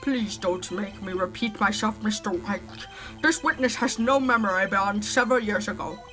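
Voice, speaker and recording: Lady reading as a snooty older prosecutor guy, talks down to everyone, bright voice, bit of music behind. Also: medium pitch, normal speed, close to an everyday voice. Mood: condescending. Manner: condescending, clipped. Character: arrogant, cold older male prosecutor.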